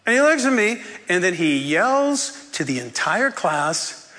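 High, bright-voiced man preaching in a hall. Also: unhurried. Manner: animated, laughing storyteller acting out quotes. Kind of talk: sermon storytelling.

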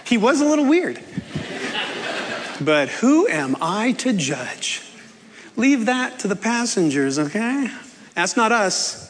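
A man's voice: high-pitched, sing-song, slow, long pauses, slight background noise. A man preaching a sermon as pastor, telling a story with playful humor and coaxing the congregation to respond. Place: church. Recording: long reverb of a church hall.

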